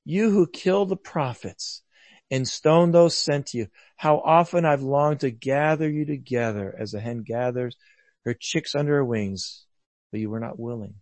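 A man preaching a sermon earnestly, rising to loud emphasis and dropping to hushed, soft lines. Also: mid-range voice, measured pace, no echo.

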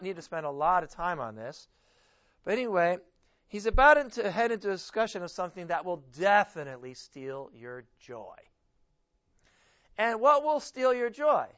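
A man's voice: on the high side, fairly bright tone, lo-fi sound. A man preaching a conversational sermon, casually explaining scripture and correcting himself as he goes. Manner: informal, self-correcting, reads scripture aloud with emphasis. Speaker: pastor teaching a Bible study.

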